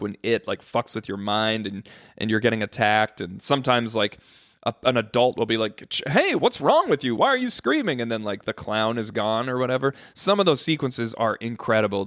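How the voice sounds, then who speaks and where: An American man hosting a casual solo podcast, swearing freely and jumping into high-pitched exclamations. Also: a bit bright, no echo, clean studio sound. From United States. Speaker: podcast host.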